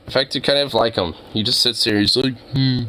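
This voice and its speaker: A man's voice: medium pitch, quick pace, pushed and bright, slight background noise, rough recording. A young man with a cold, casually talking to his dog in an exasperated, teasing way and swearing often. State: has a cold. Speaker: vlogger.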